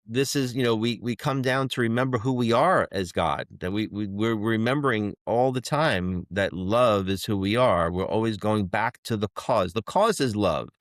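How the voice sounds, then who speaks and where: A man with a lowish voice who teaches spiritual ideas, returning again and again to the same catchphrases like a mantra. The sound is dry and close. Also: moderate pace, few pauses, no echo. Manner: repetitive, mantra-like emphasis. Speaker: podcast co-host.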